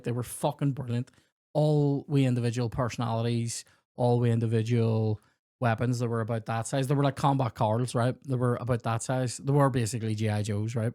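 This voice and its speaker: A man hosting a comedy podcast, spinning loose, profane stories about childhood and slipping into other people's voices as he goes. His voice sits at an ordinary middle pitch and sounds close and dry, with no room around it. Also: no room sound. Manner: rambling, sweary, animated anecdotes with acted-out dialogue. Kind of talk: casual storytelling chat.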